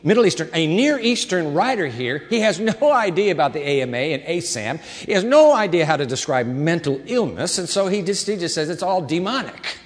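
A man preaching a sermon as a pastor, with an animated, dramatic delivery and shifting volume. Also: on the high side, fairly quick, few pauses. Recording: long hall reverb.

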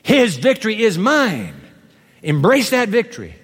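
A man's voice: high voice, wildly swooping pitch, a little slow, fairly bright tone, husky, long reverb tail. A man preaching a sermon with emphasis, having the congregation repeat lines after him. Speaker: pastor.

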